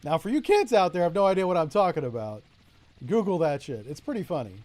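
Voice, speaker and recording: This middle-aged streamer speaks fast in a high, sing-song, slightly mellow voice with no echo. With a Florida accent reflecting his home state, he jokes with viewers and chats with them during casual commentary on a naval strategy game.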